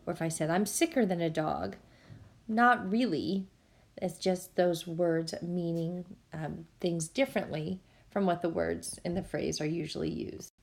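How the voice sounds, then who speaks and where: A woman's voice: on the low side, a little slow, gravelly. A woman teacher, explaining a lesson patiently and speaking directly to her students. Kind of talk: recorded classroom lesson. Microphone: tablet microphone.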